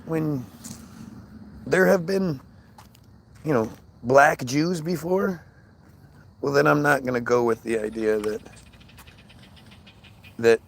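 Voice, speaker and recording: A man's voice: mid-range voice, takes it slowly, gravelly, long pauses, a little hiss or hum. A man ranting in a casual monologue, swearing often, with frequent stammers and restarts. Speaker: podcast host.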